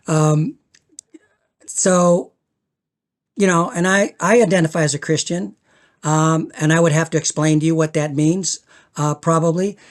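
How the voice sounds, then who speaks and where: An older man, a guest on a spiritual podcast, talking reflectively and earnestly, often restarting and repeating words as he searches for them, slowing for emphasis and swelling when moved. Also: a little high.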